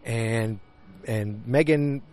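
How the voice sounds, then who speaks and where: A man's voice: mid-range voice, extremely slow, darkish tone. A man casually recapping a TV episode, blunt and chatty, recorded on a handheld recorder outdoors beside woods. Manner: blunt, chatty, many fillers and restarts. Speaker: podcast host recapping a TV episode. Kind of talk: casual chat. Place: outdoors beside woods near his house.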